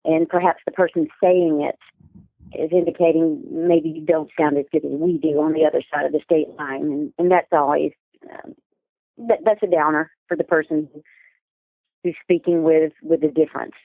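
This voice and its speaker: A woman, a business communication coach and interview guest, explains her points in an articulate, measured, instructive way. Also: sits low, steady tone, dry recording. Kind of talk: interview answers. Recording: tinny phone-line sound.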